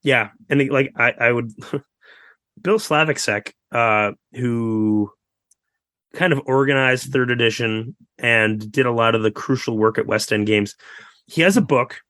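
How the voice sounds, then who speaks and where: A man talks through a story as a podcast guest, piling on asides and quick fillers. His voice is bright and forceful, recorded dry and close with no room sound. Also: medium pitch, no room sound. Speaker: guest author. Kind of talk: casual podcast interview.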